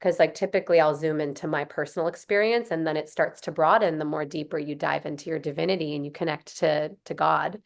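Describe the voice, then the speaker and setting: This podcast host's voice sits low and creaky, with a steady tone, a quick pace and hardly any pauses. Interviewing casually, she comes across as earnest and gushing, using many fillers such as "like" and "um".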